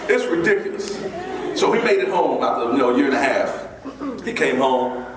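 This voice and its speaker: A man's voice: medium pitch, brisk, far from the mic, crowd noise. Man telling a story in an echoey hall. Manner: animated, breaks into laughter, imitates friends with quieter voice. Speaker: motivational speaker. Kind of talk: storytelling keynote speech. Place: large hall before an audience.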